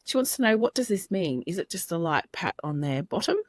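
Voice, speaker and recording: A woman co-hosting a parenting podcast, chatting warmly and giving practical advice with easy laughs. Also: lowish voice, sing-song, fairly quick, no room sound, studio quality. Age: adult parent. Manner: chatty, laughs easily, friendly reassurance. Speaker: podcast co-host and infant sleep practitioner. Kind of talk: casual advice chat.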